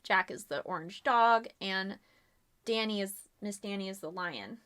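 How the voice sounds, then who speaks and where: A woman streamer narrates a live murder mystery game. She talks in a loose, chatty way full of fillers, in a middle pitch. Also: lively intonation, unhurried, fairly bright tone, clean tone.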